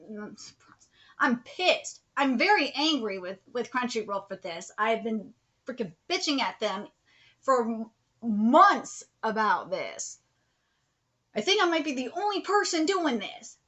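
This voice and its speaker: A woman's voice: sits high, pushed and bright. A woman vlogger ranting in a commentary video, blunt and profane, hammering points with repetition. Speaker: anime vlogger.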